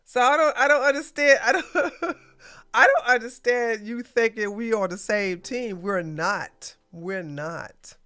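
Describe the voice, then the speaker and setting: A woman's voice: on the high side, unhurried, hardly any pauses, fairly bright tone, smooth. A woman hosting a casual political commentary livestream, blunt and ranting, with plenty of slang. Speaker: podcast host.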